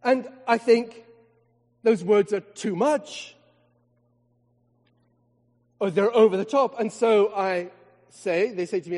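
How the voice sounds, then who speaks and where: A higher-pitched man preaching from the pulpit. He leans on rhetorical questions and slows down to stress key words. His voice carries a long reverb, as in a large church. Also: darkish tone. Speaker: vicar. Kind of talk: sermon.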